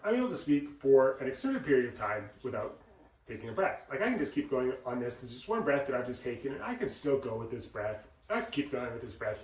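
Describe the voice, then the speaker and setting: A man teaching voice exercises, explaining and acting out examples in an animated way. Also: medium pitch. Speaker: voice coach. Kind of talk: instructional talk with demonstrations. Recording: roomy sound, mic at a distance.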